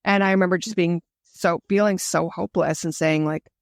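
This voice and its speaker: A woman's voice: fairly low pitch, fairly even intonation, fairly quick, gravelly, few pauses, dry recording, studio quality. A woman guest telling her own story in an interview, earnest and reflective. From Canada. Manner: earnest, emotional, reflective retelling.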